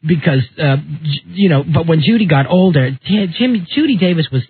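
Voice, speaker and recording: Comedian guest: man, high and very lively, flamboyant radio banter, tinny broadcast sound. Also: husky. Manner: flamboyant, fast, slips into voices. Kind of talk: animated radio chat with impressions. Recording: phone-like radio broadcast audio.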